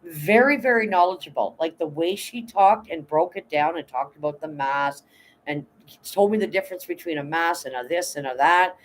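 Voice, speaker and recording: A woman's voice: on the low side, moderate pace, slight background noise, rough recording. A middle-aged Canadian woman chatting bluntly and emotionally on a livestream, swearing often and greeting viewers by name. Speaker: livestream host. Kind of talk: casual livestream chat.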